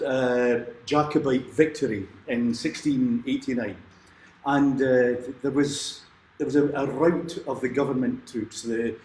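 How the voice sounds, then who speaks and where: A man's voice: mid-range voice, darkish tone, slight background noise. A man, a folk singer hosting his own livestream, chatting between songs in a rambling way and chuckling often. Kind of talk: casual chat between songs. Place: at home during lockdown. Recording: roomy echo with guitar playing.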